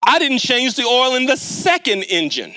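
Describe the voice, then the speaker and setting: A man's voice: extremely high pitch, wildly swooping pitch, normal speed, bright, forceful tone, no echo. A man preaching a sermon in a church, telling a humorous story in a chatty way and asking the congregation questions. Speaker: lay preacher. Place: church sanctuary.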